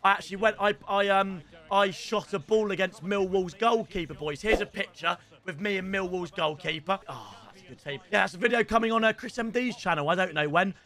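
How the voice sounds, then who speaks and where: A young man commentating live on his own gameplay as a streamer, excitable and swinging between hype and groans. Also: sits high, a little fast. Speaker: gaming streamer.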